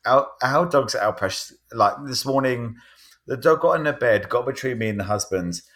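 A man's voice: medium pitch, normal speed. A man in casual podcast chat, telling a rambling anecdote and acting out the quotes. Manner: rambling storyteller, animated retelling with quoted voices. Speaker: podcast panelist.

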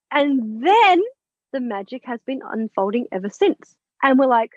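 High-voiced woman retelling a story. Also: normal speed, no room sound. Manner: animated, acts out quoted dialogue, blunt with mild swearing. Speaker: interview guest, author and spiritual mentor. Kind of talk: conversational storytelling. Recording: dull, dry lo-fi audio.

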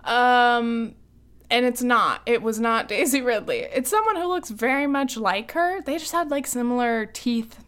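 Young woman podcasting, giggly and rambling, kinda high voice, lots of ums. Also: measured pace, fairly bright tone, clean tone. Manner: chatty and giggly, many ums and likes. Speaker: podcast co-host. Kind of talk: casual chat.

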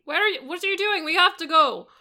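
A woman's voice: very high-pitched, expressive, fast talker, over a noisy crowd. A woman playing in a tabletop game, brash and bossy in character. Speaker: player. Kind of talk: tabletop role-play chat.

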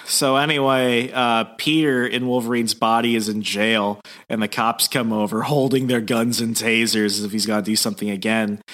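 A young man co-hosting a casual podcast, retelling a comic's plot and jumping into loud, high impressions of the characters. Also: steady tone, moderate pace, few pauses. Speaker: podcast co-host recapping comics.

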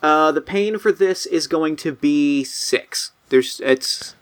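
A man's voice: on the high side, slow, clean tone. A man running a tabletop role-playing game, narrating scenes casually with lots of fillers and restarts. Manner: casual, filler-heavy, playful. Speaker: game master.

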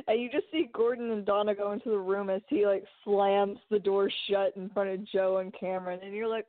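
Fast-talking woman on a tinny line. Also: mid-range voice, dry recording. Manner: fast, animated retelling with acted-out quotes. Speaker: podcast co-host. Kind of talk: casual TV recap chat. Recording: tinny phone-like line, dry.

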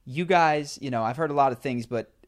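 A man's voice: medium pitch, fairly quick, natural voice. A man retelling a story and quoting a male congressman speaking to a crowd, in a plain, near-normal voice. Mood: cautious.

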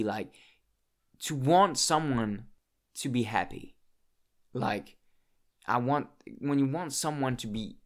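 A young man vlogging in a casual, emotional monologue, swearing often and restarting his sentences as he talks about his feelings. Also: on the low side.

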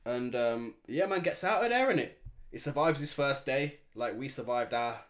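A young man, co-hosting a podcast in casual chat, animated and slangy, acting out quotes. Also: medium pitch, normal speed. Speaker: podcast co-host.

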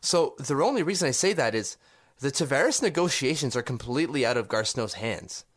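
A man's voice: medium pitch, lively intonation, brisk, a bit bright. Man, podcast co-host, casual sports chat, argumentative, rhetorical questions.

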